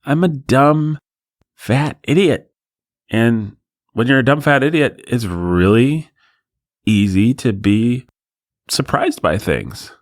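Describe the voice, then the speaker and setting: A man's voice: medium pitch, takes it slowly, long pauses, dry recording. A man hosting a podcast alone in the studio, riffing in a sarcastic, rambling way. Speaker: podcast host. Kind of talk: solo podcast monologue.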